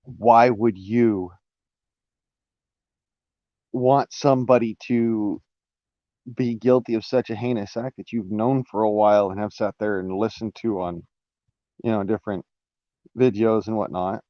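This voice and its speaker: A man's voice: fairly low pitch, fairly even intonation, unhurried, long pauses, dry recording, highs cut off. A man talking through a casual live-stream monologue, rambling with restarts and fillers, swearing now and then.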